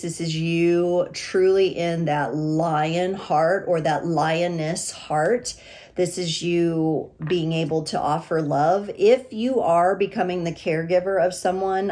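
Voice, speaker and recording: A woman giving a gentle, reassuring tarot reading, speaking with pauses and restarts. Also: on the low side. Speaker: tarot reader.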